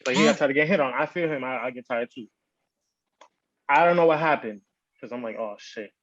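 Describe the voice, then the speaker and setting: A man's voice: mid-range voice, brisk, no room sound, lo-fi sound. A man on a podcast telling a story in casual slang, acting out what people said. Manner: animated, slangy storytelling with quoted voices. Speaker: podcast host.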